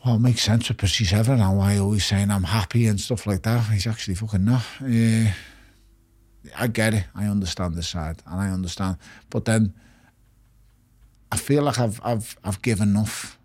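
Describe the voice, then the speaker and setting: Blunt, husky retired boxer. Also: male voice, on the low side, fairly even intonation, moderate pace, darkish tone, dry recording. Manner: blunt, swears often, repeats words when emphatic. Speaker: interview guest, retired boxer. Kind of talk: candid podcast conversation.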